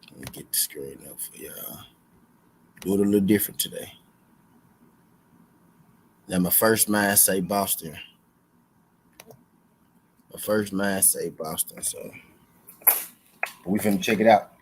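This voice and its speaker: Man, young, low voice, slangy betting-show host, repeats himself, laid-back streaming chat. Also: a little slow, pauses often, a little hiss or hum, low-quality recording. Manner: loose, slangy, repeats lines for emphasis. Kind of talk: casual live-stream chat.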